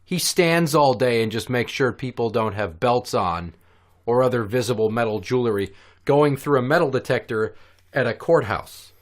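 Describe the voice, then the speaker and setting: A man hosting a casual podcast, telling stories in an animated, profane way. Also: mid-range voice, normal speed. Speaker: podcast host.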